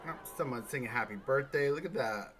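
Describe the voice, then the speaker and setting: A man hosting a live building game stream, thinking aloud in a chatty way, with sudden bursts of excitement. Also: medium pitch, fairly quick, a little hiss or hum. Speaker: livestream host building in a park game. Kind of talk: casual live gameplay commentary.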